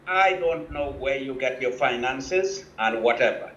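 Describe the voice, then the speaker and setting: A man's voice: mid-range voice, a little slow, few pauses, fairly bright tone, reverberant, highs cut off. A man, calling in to a live show and speaking firmly and indignantly. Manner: firm, indignant. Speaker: caller. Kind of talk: phoned-in commentary.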